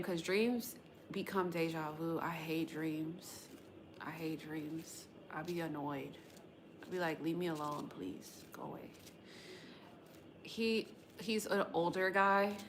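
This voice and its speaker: A woman's voice: on the low side, fairly bright tone, a little hiss or hum. A woman hosting a tarot livestream, chatting loosely with viewers in a slangy, rambling way and swearing casually. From West Coast of the United States. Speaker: tarot reader livestream host.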